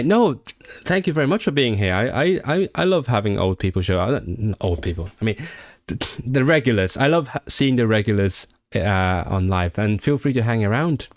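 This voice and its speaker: A man in his late twenties from Hong Kong, hosting a livestream and chatting casually and excitably with viewers, often restarting his sentences. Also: lowish voice, no echo, studio quality. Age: late 20s. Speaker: livestream host. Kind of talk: casual chat with stream viewers.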